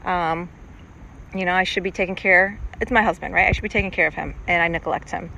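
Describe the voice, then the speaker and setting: A woman's voice: on the low side, steady tone, a little fast, gravelly, pushed and bright, low-quality recording. Rambling middle-aged woman outdoors by boats. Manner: rambling and chatty, self-reflective. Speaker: podcast host. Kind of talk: casual monologue. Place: outdoors on a lake, on a paddleboard. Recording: outdoor lake recording with boat noise. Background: boats passing on the water.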